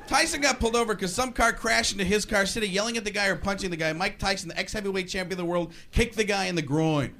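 A man doing a stand-up comedy set, animated and bouncing between asides and impressions. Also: high-pitched, quick pace, hardly any pauses. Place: comedy stage before a live audience. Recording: live club recording with crowd and hiss.

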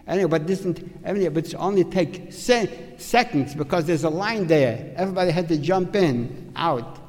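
An older man recalls his past to an audience, in halting sentences that often restart and that he checks with "okay?". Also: on the high side, animated, a little mellow. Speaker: survivor giving testimony. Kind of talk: spoken recollection to an audience. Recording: long hall reverb.

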